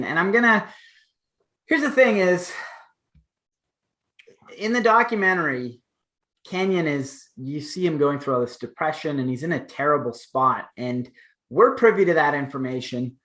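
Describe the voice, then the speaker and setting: A man's voice: fairly high pitch, lively intonation, normal speed, pauses often, fairly bright tone. A man in his thirties co-hosting a casual wrestling chat show, talking in long rambling runs with fillers and restarts. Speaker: podcast co-host.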